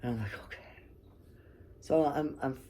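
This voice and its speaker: A woman's voice: low-pitched, animated, moderate pace, warm tone, slight background noise. A woman vlogger telling a personal story to camera, candid and blunt, swearing freely and checking in with "okay?" and "right?".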